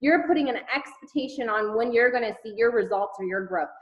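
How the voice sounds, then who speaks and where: A woman's voice: on the high side, lively intonation, a little fast, echoey room, lo-fi sound. A woman leading a network marketing team, giving an emphatic motivational talk over a video call, firing rhetorical questions and repeating words for effect. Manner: emphatic, rhetorical questions, repetition, casual swearing.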